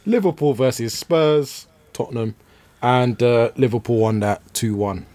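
A man's voice: medium pitch, unhurried, a little mellow, no room sound. Jokey man with a dry, close voice. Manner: mocking, jokey banter. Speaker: podcast host. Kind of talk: casual football chat.

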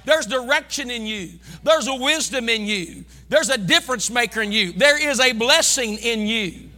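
A man preaching a fervent sermon, calling on his congregation to respond and breaking into shouts. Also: very high voice, animated, moderate pace, hardly any pauses, long reverb tail. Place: church sanctuary.

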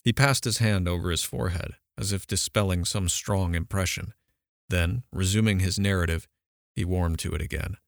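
A man narrating an audiobook in a measured, even manner. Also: low-pitched, gravelly, dry recording. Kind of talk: scripted narration.

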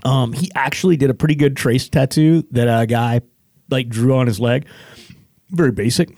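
A man telling stories as a podcast guest, lively, often mimicking other people in jumpy higher voices. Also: normal speed, no echo, clean studio sound. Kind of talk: casual storytelling chat.

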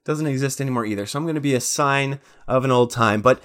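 A man's voice: mid-range voice, fast talker, fairly bright tone. A man in his thirties co-hosting a podcast, telling stories in a rambling way with quoted asides. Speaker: podcast co-host. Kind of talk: casual chat.

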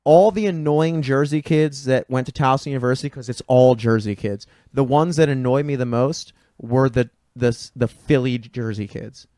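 A man's voice: medium pitch, normal speed, few pauses, no echo, studio quality. A young man, co-hosting a podcast and chatting casually, opinionated and profane. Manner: opinionated, profane, animated storytelling. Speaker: podcast co-host. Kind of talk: casual chat.

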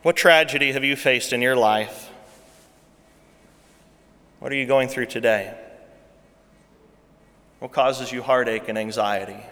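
A man preaching a sermon as pastor, repeating rhetorical questions and swinging between hushed, soft lines and loud, emphatic ones. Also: mid-range voice, long reverb tail.

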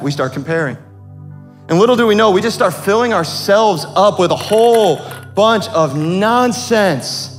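A man preaching a sermon to a congregation in a casual, joking way, with quick asides to the crowd. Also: sits high, animated, soft background music. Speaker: pastor.

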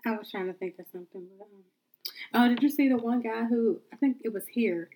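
A woman's voice: fairly high pitch, brisk, warm tone. A woman co-hosting a podcast in casual chat, tipsy and loose, telling stories animatedly. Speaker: podcast co-host.

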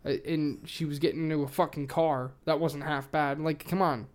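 A woman's voice: low voice, steady tone, normal speed, a little mellow. A young woman co-hosting a casual true-crime podcast, swearing freely, rambling and laughing often. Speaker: podcast co-host.

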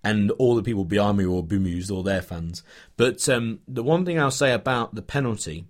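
A man's voice: on the low side, expressive, normal speed. Rambling English man telling a story. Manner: rambling anecdote with many fillers and restarts. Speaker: podcast co-host, football fan. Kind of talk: casual chat, storytelling.

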